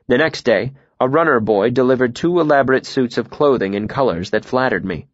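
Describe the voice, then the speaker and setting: A man reading a first-person novel aloud in a calm, even, reflective way. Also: mid-range voice, fairly quick, no echo, lo-fi sound. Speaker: audiobook narrator.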